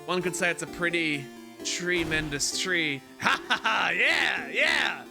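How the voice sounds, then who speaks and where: A streamer giving excitable let's-play commentary on a game, laughing often and reading lines aloud. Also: medium pitch, takes it slowly, vocal fry. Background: game music.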